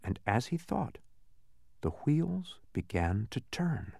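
A man narrating a children's storybook with expressive storytelling. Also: on the low side, measured pace, creaky, no room sound, studio quality. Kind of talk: audiobook narration.

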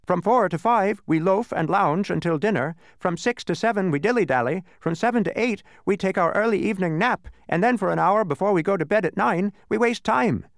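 A man's voice: high voice, fairly quick, few pauses, no echo, studio quality, pitched above the performer's own voice. A man voicing a group of drowsy, idle little creatures in a storybook reading, in a raised, sing-song voice.

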